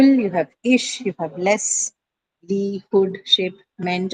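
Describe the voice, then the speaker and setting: Lower-pitched woman teaching a class. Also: low-quality recording. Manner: explanatory, checks understanding with frequent "right?" and "okay?". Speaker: English teacher. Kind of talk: classroom lecture on word stress.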